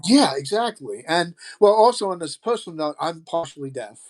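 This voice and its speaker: Man in his 60s, podcast guest, fairly high voice, casual, rambling, lots of hesitations. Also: expressive, moderate pace, a little mellow. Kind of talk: casual chat.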